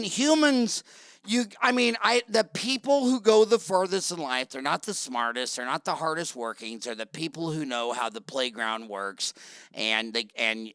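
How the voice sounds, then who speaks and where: A man's voice: fairly high pitch, pushed and bright, clean tone, no echo. A middle-aged man hosting an interview, telling blunt, rambling stories in casual talk. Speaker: podcast host.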